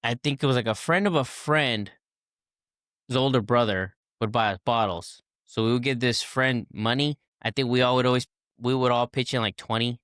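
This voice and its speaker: A man's voice: medium pitch, moderate pace, fairly bright tone, smooth, no room sound, clean studio sound. A man in his twenties, a podcast guest, telling a casual story and acting out the people in it with many fillers and restarts.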